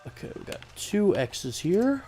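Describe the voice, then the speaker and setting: A man's voice: high-pitched, measured pace, faint music behind. A man streaming a pirate video game, giving casual commentary and muttering to himself as he plays. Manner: relaxed, muttering to himself while playing. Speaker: gaming streamer.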